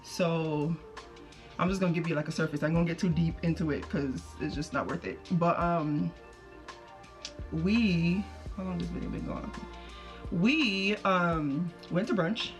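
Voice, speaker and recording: A woman's voice: on the low side, unhurried, faint music behind. Woman, casual storytime, chatty and slangy, acts out the quotes. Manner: chatty, slangy, animated retelling with quoted voices. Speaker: vlogger.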